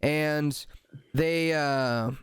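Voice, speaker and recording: A man runs a tabletop game in an easygoing, descriptive way. His voice sits fairly high and sounds smooth and clear. The recording is dry and close, with no room sound. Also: extremely slow, dry recording. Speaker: game master.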